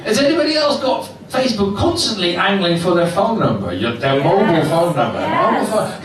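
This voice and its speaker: An older man does a stand-up comedy set in a small underground club, mocking himself and laughing along at his own jokes. His voice is a little high and swings widely in pitch. It is picked up from a distance in a very echoey room, with a steady hum of noise behind it. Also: fairly quick, over a noisy crowd. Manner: self-mocking, chuckles at his own lines. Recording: echoey club mic, heard from far. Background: audience laughter.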